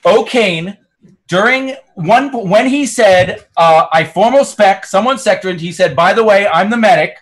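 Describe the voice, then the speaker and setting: Male player, high voice, methodical and halting accuser. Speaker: game player. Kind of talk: heated group argument.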